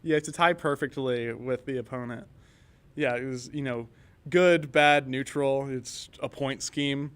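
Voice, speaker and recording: A young man, a student on a class game project, chatting casually on a panel as a relaxed storyteller who laughs easily. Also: mid-range voice, unhurried, clear, resonant tone.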